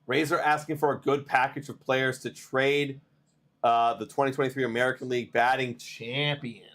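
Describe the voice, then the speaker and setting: A man hosting a live baseball stream, chatting to viewers and reading trade news in a rambling, excitable way while tired. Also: medium pitch, moderate pace. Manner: excitable, rambling, talks to chat. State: tired, yawning. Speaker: baseball livestream host.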